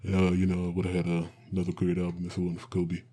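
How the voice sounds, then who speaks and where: A laid-back, boastful celebrity athlete, as a podcast co-host puts him on. The voice sits very low and barely moves in pitch, with a husky grain. It is a comedic impression in casual podcast chat. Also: male voice, monotone, fast talker, mellow.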